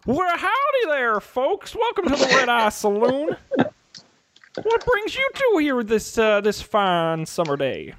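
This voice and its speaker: A man's voice: extremely high pitch, huge pitch swings, takes it slowly, fairly bright tone, pitched above the performer's own voice, exaggerated voice. A man voicing a cheerful short male Old West bartender with a put-on drawl, folksy and welcoming.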